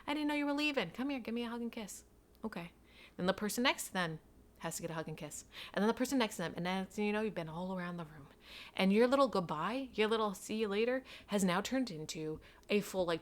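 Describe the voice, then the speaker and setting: A woman's voice: lowish voice, sharp tone. A woman in her thirties from New York, hosting her own podcast and telling stories in a chatty, self-deprecating way with playful asides. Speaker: podcast host. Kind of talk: casual solo storytelling.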